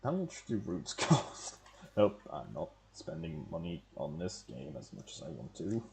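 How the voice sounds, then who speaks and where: Deep gravelly male streamer. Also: very animated, unhurried, a little mellow, a little hiss or hum. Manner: wry, profane, rambling asides. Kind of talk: casual gameplay commentary.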